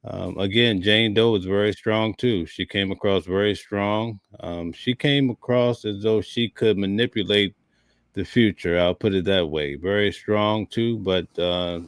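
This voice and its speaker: Low-voiced man, dry close sound. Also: a little slow, clear, resonant tone, no echo. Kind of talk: live panel discussion.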